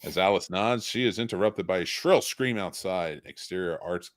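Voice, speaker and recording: A man hosting a charity livestream, reading script stage directions in a plain, steady way. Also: deep voice, normal speed, no echo. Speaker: stream host.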